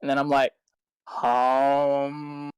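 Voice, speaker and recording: A woman's voice: lowish voice, animated, unhurried, no echo, poor audio. A woman playing a tabletop game, speaking in a hesitant, playful way. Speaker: player. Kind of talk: tabletop role-play.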